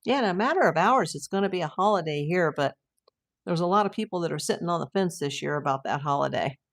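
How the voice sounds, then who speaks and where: This older US woman's voice is on the low side, gravelly and animated. During her casual live chat stream she reads viewer comments aloud and keeps up a chatty, exclamatory manner, saying "wow" a lot.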